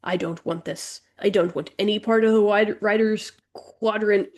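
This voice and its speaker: A woman's voice: medium pitch, fairly even intonation, normal speed, natural voice. A woman voicing a stubborn young female recruit who insists she can handle herself. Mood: defiant.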